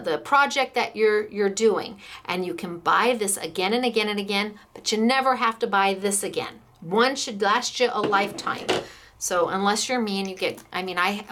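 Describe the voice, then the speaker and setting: An American woman who runs a craft shop speaks in a mid-range, fairly bright voice. She chats enthusiastically while demonstrating stamps and dies, gushing over the samples.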